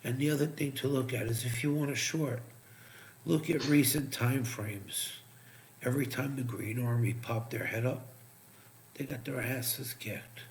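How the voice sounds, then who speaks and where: A man giving profane, sarcastic live trading commentary, muttering asides as he checks charts, while his voice is going hoarse. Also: mid-range voice, unhurried, slight background noise. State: losing his voice. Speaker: crypto trading streamer.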